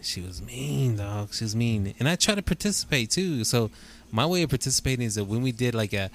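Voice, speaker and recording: A middle-aged man co-hosting a podcast in casual chat, relaxed, with frequent affirmations and easy laughter. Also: mid-range voice, fairly quick, a little hiss or hum. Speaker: podcast co-host.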